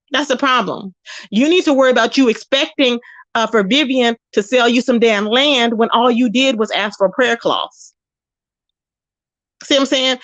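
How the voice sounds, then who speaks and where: A sassy woman with a high voice rants at the people she calls out, stretching out her emphatic phrases. Her confrontational commentary comes through a dull, lo-fi, dry recording. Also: fairly bright tone, dry recording. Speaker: YouTube commentary host. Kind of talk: casual commentary rant.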